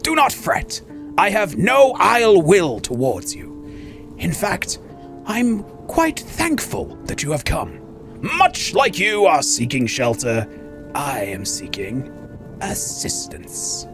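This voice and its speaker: A man voicing a courteous but creepy lord of a dark manor, reading game dialogue slowly and formally in a put-on voice. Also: mid-range voice, wildly swooping pitch, gravelly, soft background music, pitched below the performer's own voice, exaggerated voice. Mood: ominous, courtly. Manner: slow, theatrical, formal speech.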